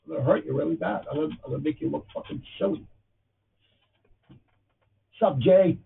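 Gravelly Boston man, tinny audio. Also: fairly high pitch, very fast, distant mic. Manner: blunt, profane, rambling. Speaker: podcast host. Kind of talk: casual livestream chat. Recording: tinny phone-like audio with faint noise.

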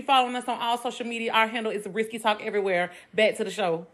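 A woman's voice: a little high, flat delivery, fast, hardly any pauses, a bit bright. A young woman hosting a podcast, talking bluntly and profanely in casual storytelling chat. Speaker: podcast host. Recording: roomy echo.

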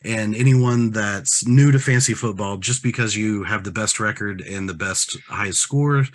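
A man co-hosting a casual podcast, with a fairly low voice. He talks hesitantly, with many ums, and often trails off. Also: normal speed. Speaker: podcast co-host. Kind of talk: casual chat.

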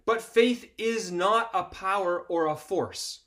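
A man's voice: high voice, slow pace, a bit bright. A man preaching a sermon, reading Bible passages with expression and repeating key phrases earnestly.

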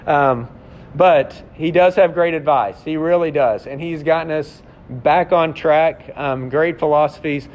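A man, a pastor, preaching a sermon in a conversational, confessional way, with rhetorical questions to his congregation. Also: a little slow. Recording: slightly muffled sound with faint rumble.

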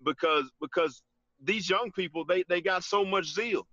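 A man, telling his story in an interview, halting, with many restarts, often saying "man". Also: high voice, pushed and bright, no room sound, highs cut off. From Georgia, US. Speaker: interview guest. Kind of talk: casual testimony in an interview.

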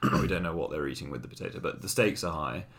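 Low gravelly guy, deadpan comic storytelling, casual podcast chat. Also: fast. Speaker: podcast co-host.

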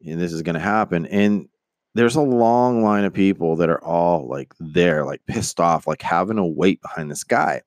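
A man with a low voice tells a long, rambling personal anecdote, slipping into the voices of the people in it and swearing freely. His voice is recorded dry and close, with no room sound. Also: a little slow, no room sound. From United States. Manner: rambling, animated, acts out quoted voices; swears casually. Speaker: storyteller. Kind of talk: casual spoken anecdote.

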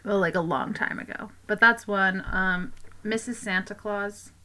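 A young woman offers film picks in casual chat, sounding tentative and a little slow. Her voice is bright and forceful. A faint noise sits behind her. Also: medium pitch. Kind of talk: casual podcast discussion of a film.

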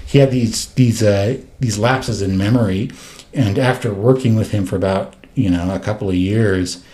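A man who used to work in homeless services, telling stories in a casual, earnest and halting way. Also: lowish voice, mellow. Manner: earnest, halting, often restarts. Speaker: former homeless services worker. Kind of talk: casual storytelling.

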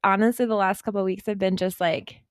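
A young woman chats on a podcast in an easygoing, rambling way, leaning on filler words as she goes. Her pitch is middling and ordinary. The recording is dry, with no echo. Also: fast talker, smooth. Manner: relaxed, chatty, heavy use of "like". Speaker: podcast co-host. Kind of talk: casual chat.

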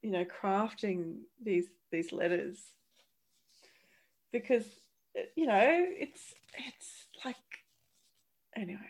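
A woman in her thirties chatting on a podcast, animated and laughing often, with frequent restarts. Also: mid-range voice, slow, long pauses. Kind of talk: casual chat.

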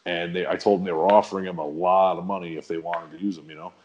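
Rambling man telling stories, lower voice. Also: steady tone, quick pace, a little mellow, muffled recording, slight background noise. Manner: rambling, laid-back, slangy. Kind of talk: casual storytelling.

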